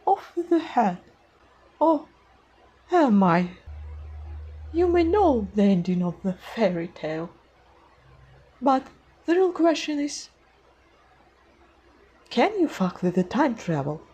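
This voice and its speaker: Tyrant fairy-tale queen, a woman putting on the voice: forced high pitch, haughty, villainous, unhurried delivery. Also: sing-song, dark tone, breathy edge, full character voice. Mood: imperious.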